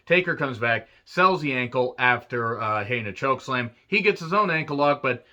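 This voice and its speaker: A man's voice: mid-range voice, animated, normal speed, pushed and bright. A man giving a casual, profane recap of an old wrestling show, full of wry, rambling asides. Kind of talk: casual retro recap commentary. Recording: dull lo-fi recording.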